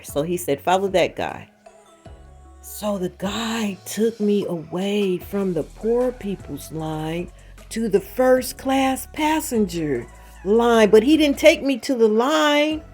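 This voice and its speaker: A woman hosting her own channel, telling a story casually and acting out the dialogue, with emphatic asides to the viewers. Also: fairly low pitch. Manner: animated retelling with quoted dialogue. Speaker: channel host.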